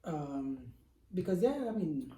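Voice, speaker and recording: A man's voice: a little high, lively intonation, measured pace, dark tone. Young guy rambling w friends, lots of um and like, far off the mic. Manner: rambling with many fillers, laughs often. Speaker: friend in group chat. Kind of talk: casual chat among friends. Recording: roomy, distant from mic.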